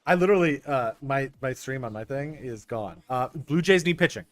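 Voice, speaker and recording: A young man streaming a baseball management game, chatting casually with his viewers, excitable and stumbling over restarts. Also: mid-range voice, moderate pace, no echo. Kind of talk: casual gameplay commentary talking to chat. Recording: dry close mic with faint game music.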